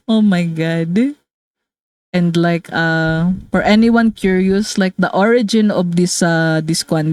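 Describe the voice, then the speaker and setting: A woman's voice: on the low side, takes it slowly, long pauses, a little mellow, clean tone, dry recording. A young woman from the Philippines with a Filipino accent, chatting casually on a livestream while drawing, giggling often and dropping Tagalog fillers into her talk. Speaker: VTuber streamer and artist.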